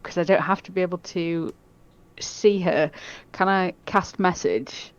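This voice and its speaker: A woman playing a tabletop game, talking hesitantly with many pauses. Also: lowish voice, clean tone, dull audio. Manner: hesitant, lots of ums and restarts. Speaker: player. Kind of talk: casual tabletop play.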